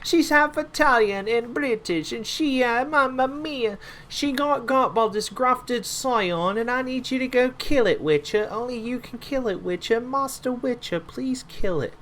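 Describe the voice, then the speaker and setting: A man's voice: unhurried, fairly bright tone. A man voicing a whiny, half Italian, half British male villager who begs in a mock accent with Italian exclamations. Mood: pleading. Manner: begging, squeaky, mock Cockney and Italian exclamations.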